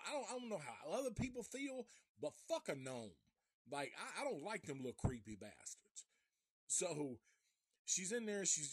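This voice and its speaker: A man's voice: on the high side, slightly rough, no echo, studio quality. A man recapping a film in a casual live review, profane and rambling with many restarts.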